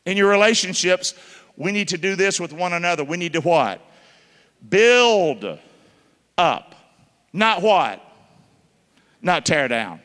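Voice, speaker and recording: Male pastor, high tense voice, emphatic call-and-response preaching, reverberant hall. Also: lively intonation, takes it slowly, pauses often, fairly bright tone. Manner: call-and-response questions to the congregation; emphatic, spells words out letter by letter. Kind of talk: sermon. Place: church.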